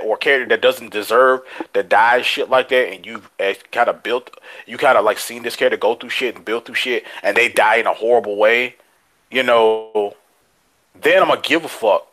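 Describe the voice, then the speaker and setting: A man's voice: mid-range voice, fairly bright tone. A man co-hosting a podcast in casual chat, laid-back and heavy on profane slang. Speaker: podcast co-host.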